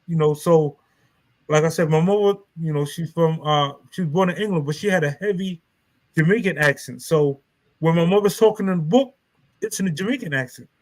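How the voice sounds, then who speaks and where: A man's voice: fairly high pitch, a little fast, darkish tone, rough recording. A man, hosting a live stream and telling his story in a loose, rambling way full of street slang. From New York. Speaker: author and live stream host.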